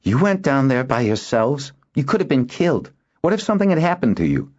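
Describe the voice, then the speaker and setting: A man's voice: a little high, very animated, a little mellow, voice pushed up. A man voicing a protective, hot-headed teenage boy in an audiobook, talking in an agitated, raised voice. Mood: furious. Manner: agitated, quick to anger. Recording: dull lo-fi recording.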